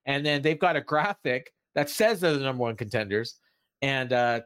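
A man's voice: medium pitch, moderate pace, fairly bright tone. A man co-hosting a podcast, recapping wrestling in a casual chat and raising his voice to act out the quoted lines. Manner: recaps at length, acting out quoted lines in a raised voice. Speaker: podcast co-host.

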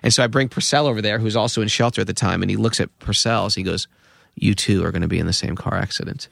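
A man in his fifties, a podcast guest, telling an anecdote with lively acted-out quotes. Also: lowish voice, quick pace, gravelly, dry recording, studio quality. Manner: lively storyteller acting out quoted voices. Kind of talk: anecdotal storytelling.

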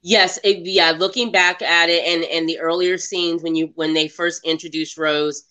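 A woman talks casually about a film she just watched. Her voice is bright and sharp. She retells scenes with animation and slips into quoting the characters. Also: on the low side, fairly even intonation, normal speed. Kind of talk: casual movie review chat.

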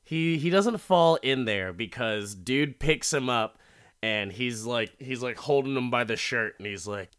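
A young man casually recapping a TV episode, rambling and profane, jumping into quick character impressions. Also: mid-range voice, animated, a bit bright, smooth.

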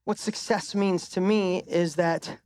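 A man's voice: high voice, steady tone, takes it slowly, a little mellow. A middle-aged man giving a live motivational talk on stage into a microphone, telling a personal story with emphatic swearing and a voice that climbs for punchlines. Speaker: motivational speaker.

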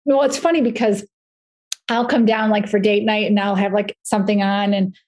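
A woman talking as a podcast guest, telling stories in a chatty, animated way with lots of "like". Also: medium pitch, moderate pace. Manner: chatty, animated storytelling with frequent "like". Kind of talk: casual podcast conversation.

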